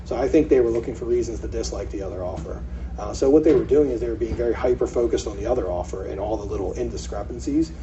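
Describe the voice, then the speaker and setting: Brief: male presenter, quick and animated, dark tone, heard from a distance on a dull lo-fi recording. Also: fairly low pitch. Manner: animated, acts out quoted sellers. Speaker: meetup presenter. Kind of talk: casual seminar talk. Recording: distant mic, dull lo-fi sound, faint hiss.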